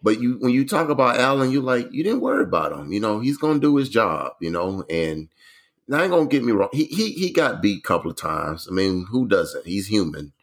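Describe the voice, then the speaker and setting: A man's voice: lowish voice, very animated, a little fast. A man as a podcast guest in casual sports chat, laid-back and rambling.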